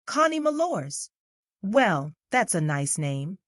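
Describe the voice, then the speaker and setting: A woman narrator voicing a haughty young upper-class lady who is quick-tempered, peremptory one moment and sugary-sweet the next. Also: fairly low pitch, very animated, no room sound, clean studio sound. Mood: playful.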